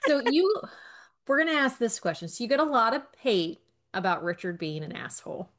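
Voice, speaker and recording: Woman, podcast host, casual chat, teasing, quick agreeing remarks. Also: on the high side, big pitch swings, a bit bright. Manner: teasing, gives lots of little agreeing noises.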